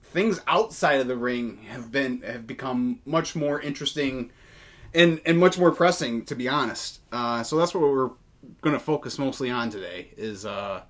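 A man's voice: mid-range voice, expressive, moderate pace. A man co-hosting a casual wrestling news podcast, talking with many fillers and false starts. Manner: hesitant, many fillers and restarts. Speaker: podcast co-host.

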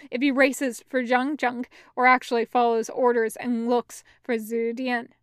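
A woman reading fan fiction aloud as a podfic, in a steady, even narration. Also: fairly high pitch, clean tone, no room sound, clean studio sound. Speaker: podfic reader.

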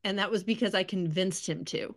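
A woman's voice: mid-range voice, fairly quick. A woman co-hosting a podcast in casual chat, blunt and matter-of-fact. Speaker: podcast co-host.

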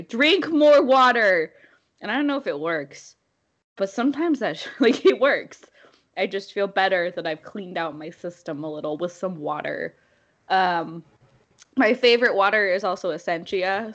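A young woman co-hosting a podcast in casual chat, animated and laughing often. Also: on the low side, lo-fi sound. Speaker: podcast co-host.

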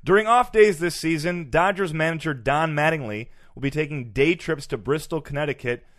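A man co-hosting a comedy podcast, reading scripted jokes with a deadpan delivery. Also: fairly high pitch, a little fast, dry recording. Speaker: podcast co-host.

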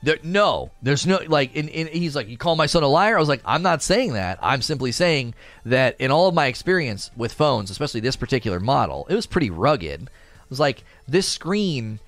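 A man's voice: medium pitch, moderate pace, no echo. Man animatedly telling a story, dry sound. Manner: animated, acts out quoted voices, laughs often. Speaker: storyteller recounting a customer encounter. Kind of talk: casual storytelling chat.

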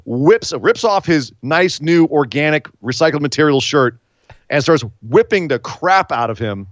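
A man co-hosting a casual chat, retelling events blow by blow in an animated way. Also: on the high side, measured pace, no echo, lo-fi sound. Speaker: podcast co-host. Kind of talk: casual wrestling recap chat.

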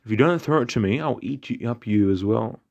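A man voicing a sly, hungry jackal that shouts threats in a storybook tale. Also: mid-range voice, animated, brisk, creaky, muffled recording. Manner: calls out loudly and menacingly.

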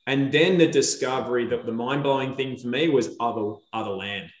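A man's voice: mid-range voice, brisk. Man telling a story, echoey room. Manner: animated storyteller, acts out quoted dialogue. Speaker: podcast guest. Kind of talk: casual chat.

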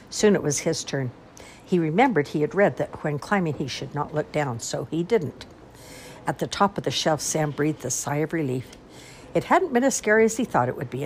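An older woman reading a children's storybook aloud in an expressive, animated way. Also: low-pitched, moderate pace, a little hiss or hum.

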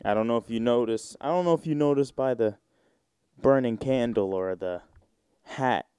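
A man's voice: medium pitch, moderate pace, dark tone, smooth, no room sound, clean studio sound. A man in his twenties from the United States, hosting a solo podcast in a rambling, joking, slangy way. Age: 20s. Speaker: podcast host. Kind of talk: casual solo podcast chat.

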